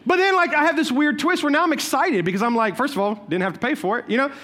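High-voiced pastor, animated storyteller. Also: male voice, fast talker. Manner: animated, conversational, humorous storytelling; repeats "watch this" to cue points. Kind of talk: sermon with personal stories.

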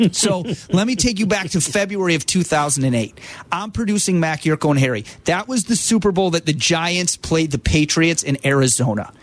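Man, radio producer, animated storyteller, higher voice. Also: moderate pace. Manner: animated storyteller, quotes friends in their voices.

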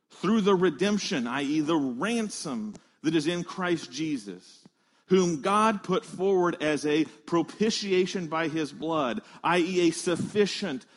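A man preaching a sermon, earnest and emphatic, leaning on slow, stressed phrases. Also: on the high side. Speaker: pastor.

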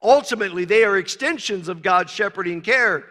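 A man's voice: high-pitched, fairly quick, bright, forceful tone, long reverb tail. A male pastor preaching a sermon with emphatic, repetitive phrasing and frequent fillers.

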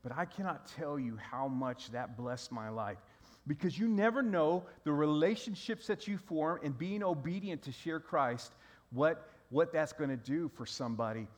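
A man's voice: on the high side, normal speed. A middle-aged man, preaching a sermon in a loose storytelling way, often restarting his sentences. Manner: conversational storytelling with repeated restarts. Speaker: pastor.

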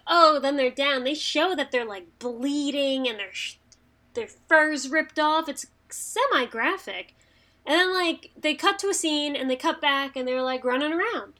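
A woman's voice: high-pitched, expressive, unhurried, pushed and bright. A woman co-hosting a casual podcast, rambling and chatty with frequent fillers. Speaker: podcast co-host. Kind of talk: casual chat.

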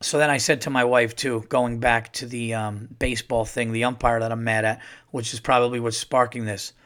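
Man, solo podcast host, rambling rant, profane, worked-up, mid-pitched voice. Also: flat delivery, normal speed, a bit bright. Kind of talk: casual solo podcast monologue.

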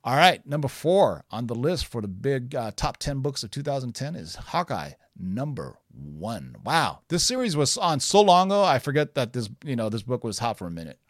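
A man's voice: mid-range voice, very animated, moderate pace, few pauses, dry recording, clean studio sound. A man hosting a podcast, chatting casually and rambling through stories, often laughing. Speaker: podcast host. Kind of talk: casual chat.

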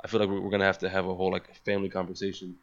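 A man with a fairly low voice co-hosts a casual podcast and teases his partner with dry questions. His side of the call comes through muffled and lo-fi. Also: monotone, racing. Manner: wry, teasing questions. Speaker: podcast co-host. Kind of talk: casual chat. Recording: dull lo-fi sound.

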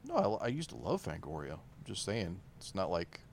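Commentary co-host: very deep, gravelly man, dry and relaxed, faint noise behind. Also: fairly quick. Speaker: podcast co-host. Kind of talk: casual movie commentary.

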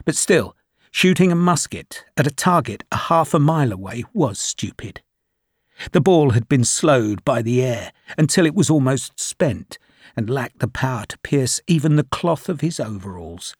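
A man reading a novel aloud as the audiobook narrator, in measured, even storytelling. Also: mid-range voice, husky, dry recording, clean studio sound.

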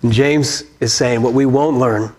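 A man's voice: mid-range voice, steady tone, unhurried, darkish tone. A man preaching a sermon as pastor, conversational and storytelling, posing questions to the congregation.

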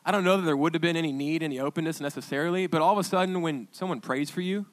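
A man preaching a sermon as pastor, telling stories in a chatty, halting way with restarts and quoted dialogue. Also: fairly high pitch. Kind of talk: conversational sermon storytelling.

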